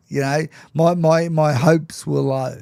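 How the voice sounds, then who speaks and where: A man's voice: on the high side, steady tone, slow, creaky, darkish tone, clean tone, dry recording, studio quality. A man telling his own story to an interviewer, frank and self-mocking, and often laughing as he talks. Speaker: guest. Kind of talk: personal storytelling in conversation.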